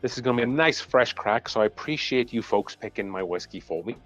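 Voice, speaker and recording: Welsh man, low voice, relaxed livestream chat, muffled clip-on mic, faint music behind. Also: fast. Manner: easygoing, chatty, thanks viewers by name. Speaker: whiskey channel host. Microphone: clip-on mic on his shirt.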